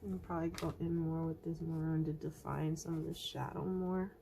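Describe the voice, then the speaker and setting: A woman's voice: low voice, level tone, moderate pace, vocal fry, mellow. Woman, casual art vlog, chatty and silly, whispered asides, faint hiss behind. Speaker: artist and channel host.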